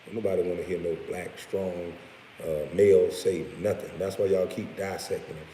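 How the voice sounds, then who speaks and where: A very low-voiced man holds forth in a blunt, profane rant, breaking off now and then to chuckle at his own lines. His voice carries a long room reverb, with a faint hiss underneath. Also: fairly even intonation, normal speed, dark tone. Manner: blunt and profane, with laughing asides. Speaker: vlogger. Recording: roomy echo with faint hiss.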